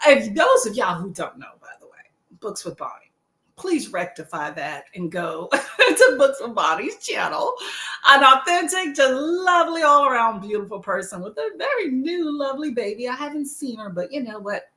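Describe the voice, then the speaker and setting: A woman's voice: fairly high pitch, very animated, moderate pace, pushed and bright, roomy sound. A woman hosting a casual reading livestream, chatting to her viewers, laughing often and repeating her phrases. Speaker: booktube livestream host.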